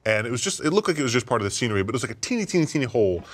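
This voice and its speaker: A man co-hosting a gaming podcast in casual chat, excitable, laughing often and swearing freely. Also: mid-range voice, very fast. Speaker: podcast co-host.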